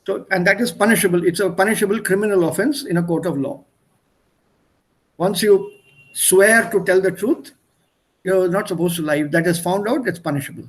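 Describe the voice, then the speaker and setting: Male language tutor on a video call, high voice, patient and repetitive in his explanations. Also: brisk. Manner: patient, explains by repeating synonyms. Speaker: German tutor. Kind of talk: online one-on-one language lesson.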